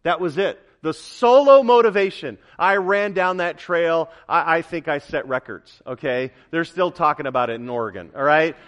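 A middle-aged man preaching a sermon as pastor, emphatic and building to loud repeated declarations. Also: fairly high pitch, moderate pace, few pauses.

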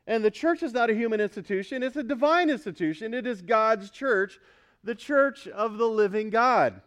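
A man's voice: sits high, lively intonation, moderate pace, fairly bright tone, clean tone. A male pastor preaching a sermon at a church service, emphatic and quizzing the congregation with questions.

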